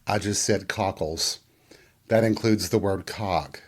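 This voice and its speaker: A man's voice: lowish voice, slow pace. A man from the American South, hosting a casual solo podcast monologue in a bawdy, self-mocking way. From US Bible Belt. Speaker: podcast host.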